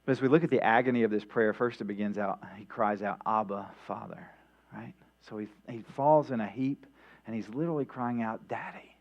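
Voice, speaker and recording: With a lowish, fry-tinged voice, the pastor moves briskly through his midweek sermon at church. He talks like it's a conversation, breaking off to restart and dropping "right?" again and again, all on a dull lo-fi recording marred by mains hum.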